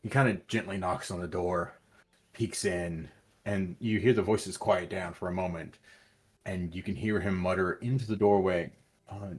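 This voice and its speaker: A man narrating as game master, relaxed and hesitant, with many fillers. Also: low voice, normal speed, slightly rough.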